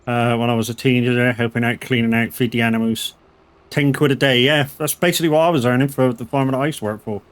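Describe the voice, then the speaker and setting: Middle-aged male streamer, mid-pitched voice, rambling anecdotes, swears freely. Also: steady tone, fast talker. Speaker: gaming streamer. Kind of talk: casual chat while playing a farming game.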